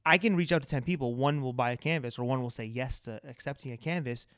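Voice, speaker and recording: A man's voice: mid-range voice, fast talker, a bit bright, no echo. Man from canada, podcast guest, earnest, agreeable, dry voice. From Toronto, Canada. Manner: earnest, agreeable, explains points at length. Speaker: artist guest. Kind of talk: casual podcast chat.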